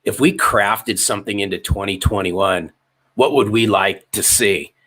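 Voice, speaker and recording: A sales author in his fifties speaks as an interview guest. His voice sits low yet sounds bright and forceful. He drives his points with emphatic repetition. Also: unhurried. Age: 50s. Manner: emphatic, repeats phrases for effect. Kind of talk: storytelling interview answers.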